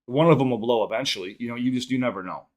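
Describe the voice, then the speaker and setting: A young man from the Chicago area hosts a live-streamed podcast, answering viewer comments off the cuff. His talk is loose and profane, with restarts and quick rambling asides. His voice sits at an ordinary middle pitch for a man. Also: darkish tone. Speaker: podcast host reading live chat. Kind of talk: casual live-stream chat.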